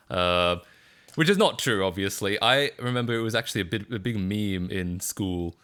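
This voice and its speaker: A man with an Australian accent and a somewhat low voice chats casually to his live-stream audience. He rambles and corrects himself, and his talk is self-deprecating and dotted with chuckles. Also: lively intonation, normal speed, pushed and bright, clear, resonant tone.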